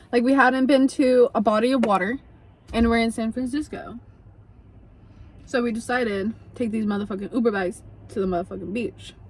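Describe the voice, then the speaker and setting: Young woman vlogger, high voice, chatty profane storytime delivery, lots of filler "like". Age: young adult. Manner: chatty, profane, animated, heavy use of like. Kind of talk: casual storytime vlog.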